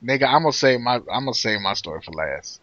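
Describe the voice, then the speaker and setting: A man hosts a podcast, reading out questions and cutting in with blunt, profane takes. His voice is bright and forceful, recorded dry and close with a dull, lo-fi tone. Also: mid-range voice, animated, quick pace, dry recording. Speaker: podcast host. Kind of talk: casual chat.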